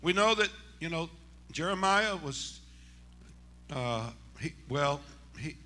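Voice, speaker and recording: A man, a senior pastor, preaching a Pentecostal sermon in church, dropping to hushed talk and rising to shouted exclamations. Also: a little high, expressive, slow. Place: church sanctuary.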